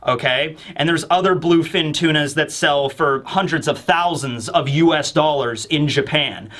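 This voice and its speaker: A man with a high, bright voice chatting through a manga chapter review. He rambles with lots of fillers and bursts of animation. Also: normal speed. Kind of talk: casual commentary.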